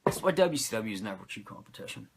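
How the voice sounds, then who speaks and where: A man hosting a podcast, recapping a show in animated, profane, sarcastic casual chat. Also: on the low side, fast, vocal fry, a little hiss or hum. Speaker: podcast host recapping wrestling.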